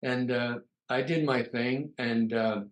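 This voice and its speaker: A man's voice: mid-range voice, steady tone, takes it slowly. An older man from New York, a guest comedian, telling long anecdotes in a casual interview, full of uh fillers. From New York, USA. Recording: roomy echo.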